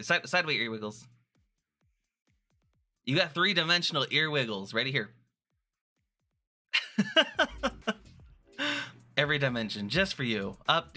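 A man's voice: medium pitch, moderate pace, bright, forceful tone, soft background music. A man chatting casually on a live stream, playful and rambling, often restarting his sentences. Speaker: vtuber streamer.

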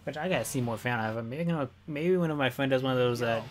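A man streaming a video game, talking casually and excitably, repeating himself and swearing freely. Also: medium pitch, quick pace. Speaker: gaming streamer. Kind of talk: casual gameplay commentary.

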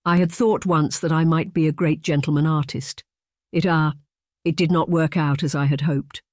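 An audiobook narrator voicing a wry young duke with deadpan delivery. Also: mid-range voice, moderate pace, dry recording, clean studio sound, close to an everyday voice.

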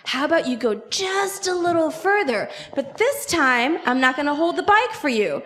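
A patient young mother with a high, gentle voice, as a woman storyteller plays her. She reassures her frightened child and speaks calmly, coaxing her along. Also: normal speed. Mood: encouraging.

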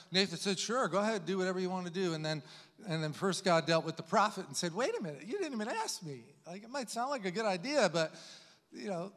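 A man preaching a sermon in a church, conversational and quick to laugh, often correcting himself as he goes. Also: on the high side, fairly bright tone. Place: large church hall. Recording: reverberant hall.

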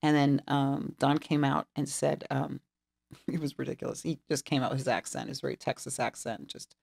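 A middle-aged interior designer, telling stories in an interview, animatedly acts out the dialogue. Her voice rumbles low and gravelly, and she talks fairly quickly.

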